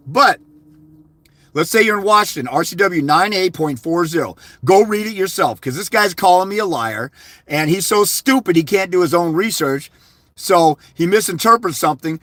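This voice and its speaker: A man with a fairly high voice delivers a combative, insult-laden rant to camera. The sound is close and dry, with no room around it. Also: a bit bright, no room sound. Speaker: YouTuber giving fathers' rights advice. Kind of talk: angry vlog rant.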